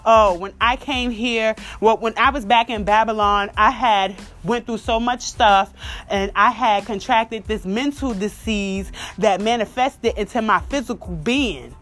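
An airy young commune wife explains herself in a slow, dreamy, mock-spiritual drawl, as a woman imitates her mockingly. It comes across as a sarcastic impression in the middle of a podcast rant. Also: on the high side, fairly bright tone. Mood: mock-serene.

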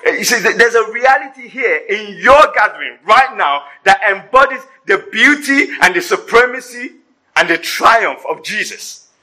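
A pastor preaching a sermon to his congregation, animated and joking in asides. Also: high voice, normal speed, rough recording. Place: church service before a congregation.

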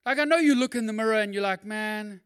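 A male pastor preaching a sermon in a lively, conversational way, with quick asides and acted-out quotes. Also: high voice, smooth.

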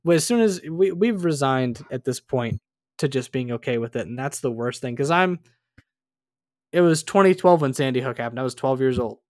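A man's voice: medium pitch, expressive, moderate pace, no echo, studio quality. A man in his twenties, co-hosting a podcast, ranting heatedly in casual chat and swearing freely. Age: 20s. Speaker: podcast co-host.

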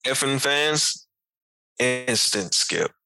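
A man in casual conversation reviewing an album, animated, laughing often and talking in loose slang. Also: mid-range voice, extremely slow, vocal fry, dry recording, low-quality recording. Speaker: podcast co-host. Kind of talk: casual music review chat.

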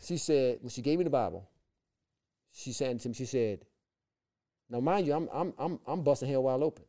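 A man telling his personal faith testimony as a guest, with lively repeated phrases and acted-out quotes. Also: medium pitch, moderate pace. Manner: lively, repeats words, acts out quoted voices. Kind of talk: animated personal storytelling.

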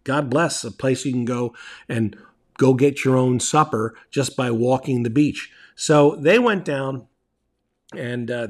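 A middle-aged man telling casual, rambling travel stories as host, with lots of fillers and restarts. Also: mid-range voice.

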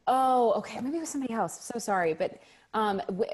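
A young adult woman, a stage actress guest in a casual interview chat, telling animated stories and acting out children's reactions. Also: fairly high pitch, a little fast, husky. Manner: animated storyteller, acts out kids' reactions.

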